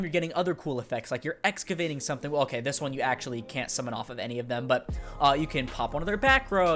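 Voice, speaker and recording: A man's voice: a little high, a bit bright. A man reviewing a card game deck in casual, rambling talk, speaking with a sick voice. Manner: fast, rambling, with fillers and swearing. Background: faint background music.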